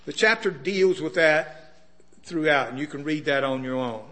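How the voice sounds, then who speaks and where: A man's voice: fairly high pitch, normal speed, bright, forceful tone. A man preaching a sermon in a conversational way, often putting questions to his listeners.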